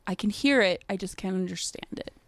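A woman's voice: medium pitch, a little fast, dry recording. A woman co-hosting a podcast with her husband in easygoing casual chat, often laughing. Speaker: podcast co-host.

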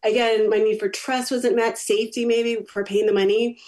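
Brief: middle-aged woman, talk show guest and parent coach, lively storyteller. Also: a little high, moderate pace. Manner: animated storyteller who acts out quotes. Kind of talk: interview guest telling a personal story.

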